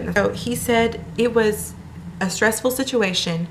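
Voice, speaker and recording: A woman's voice: fairly high pitch, unhurried, slight background noise. A young woman chatting in a casual vlog, telling a personal story with lots of fillers. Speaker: vlogger.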